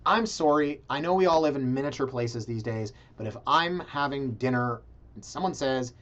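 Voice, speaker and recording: A man of average pitch hosts a casual video, reviewing condo listings with sarcasm and lively asides to his viewers. He sounds blunt and animated. The recording is a little dull and lo-fi. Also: moderate pace. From Canada. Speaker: realtor and video blog host.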